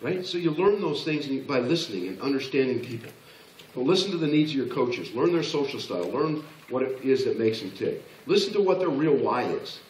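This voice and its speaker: A man giving a motivational business presentation to a live audience, talking in an animated way with frequent restarts and acted-out replies. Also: medium pitch, fairly quick, slight background noise. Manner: animated, repeats and restarts, acts out people's replies. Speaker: business coach speaker. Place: large room before a live audience. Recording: echoey room from far off.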